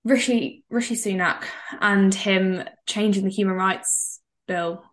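A young woman co-hosting a casual podcast chat, animated and excitable, often breaking into laughter. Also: mid-range voice, slow. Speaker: podcast co-host.

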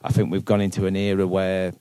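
Low, dark-voiced man. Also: completely flat delivery, quick pace, clear, resonant tone, no room sound. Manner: earnest, thinks aloud with repeated words. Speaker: football manager, guest. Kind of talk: live podcast interview answers. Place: boardroom with live audience.

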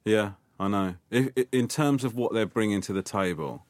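A man's voice: lowish voice, moderate pace, no echo. A man, a comedian guest telling stories in a casual interview and acting out the other people in them. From England. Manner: animated storytelling, acts out other people's lines.

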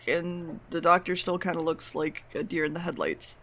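A woman's voice: lowish voice, expressive, moderate pace, hardly any pauses. Casual sweary woman recapping an episode. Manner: loose, rambling and sweary, with offhand jokes. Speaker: podcast co-host.

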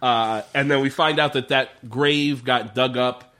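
A man's voice: medium pitch, steady tone, a little slow, sharp tone. A man in casual podcast chat, recapping a TV episode with lots of swearing and laughter, acting out the characters' lines. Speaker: podcast co-host.

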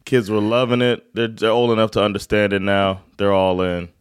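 A man's voice: lowish voice, level tone, normal speed, smooth, dry recording, studio quality. An American man co-hosting a casual sports podcast, laid-back, swearing casually and laughing often. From United States. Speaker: podcast co-host. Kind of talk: casual chat.

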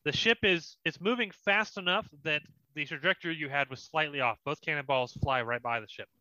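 Bright-voiced man running a tabletop game. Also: on the high side, brisk, dry recording, highs cut off. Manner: descriptive, laughs often, casual. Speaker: dungeon master.

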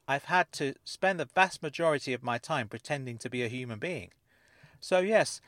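A man voicing a calm, composed woman who claims she is not human, speaking in a measured, unruffled way in an audiobook story. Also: on the high side, dry recording, clean studio sound, pitched above the performer's own voice. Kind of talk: audiobook character voice.

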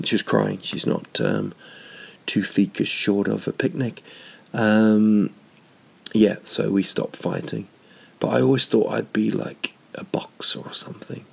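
A comedian with a low, gravelly, slightly husky voice, spinning rambling self-mocking anecdotes. He wanders off on tangents and restarts his sentences as he goes. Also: a little mellow. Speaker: stand-up comedian. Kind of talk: rambling comic storytelling.

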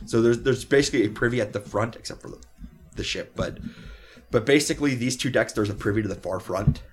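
A man's voice: medium pitch, fast. A man acting as game master in a tabletop role-playing game, explaining the scene in a rambling, hesitant way. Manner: rambling, hesitant, many fillers and restarts.

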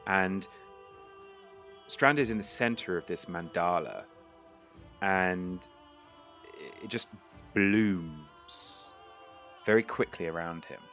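A man narrates a tabletop game in a low voice, easygoing and a little halting. Faint music plays underneath him. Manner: relaxed, hesitant narration with fillers. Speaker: game master.

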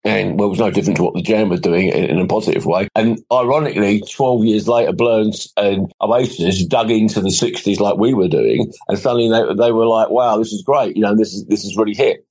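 An older musician telling relaxed, self-deprecating stories as a podcast guest. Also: male voice, fairly low pitch, brisk, hardly any pauses, husky, low-quality recording. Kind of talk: casual storytelling interview.

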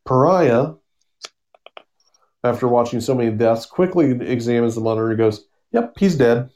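A man's voice: mid-range voice, normal speed, darkish tone. A man casually summarizing a comic book story on a podcast, rambling with fillers and acting out the characters' lines. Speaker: podcast co-host.

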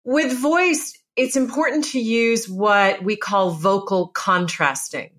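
A woman's voice: mid-range voice, takes it slowly, fairly bright tone. Middle-aged woman, presence coach, emphatic and instructive; mid-range voice. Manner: emphatic, instructive, lists steps. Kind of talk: podcast interview advice.

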